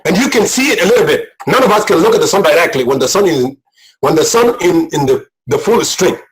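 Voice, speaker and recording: A man delivers a sermon in a high voice, pressing his points with repetition and building to shouts. He sounds emotional, close to tears. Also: lively intonation, quick pace, rough recording. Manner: impassioned, repetitive, rising to shouts. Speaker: guest preacher.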